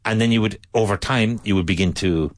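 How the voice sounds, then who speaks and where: A man from Ireland teaching English in a relaxed conversational lesson, telling anecdotes and often mimicking regional accents. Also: lowish voice, fairly quick.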